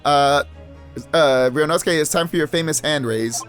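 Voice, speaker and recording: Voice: mid-range voice, very animated, brisk, faint music behind. Chatty self-mocking game streamer. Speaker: let's play gamer. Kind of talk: casual game commentary.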